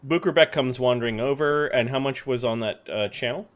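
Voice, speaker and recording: A man's voice: mid-range voice, brisk. Chuckling man running a tabletop game. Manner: relaxed, chuckling, filler-heavy. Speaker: game master.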